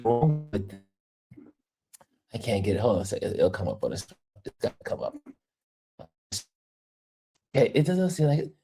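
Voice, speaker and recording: A woman from New York hosting a travel livestream, telling stories in a casual, animated way and laughing often. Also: very deep voice, normal speed, pauses often. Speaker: travel vlogger and livestream host.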